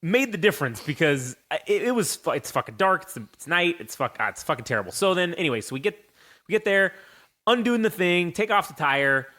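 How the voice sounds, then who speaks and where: A young man hosting a casual podcast, telling stories in a profane, animated way. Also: a little high, a little fast. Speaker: podcast host.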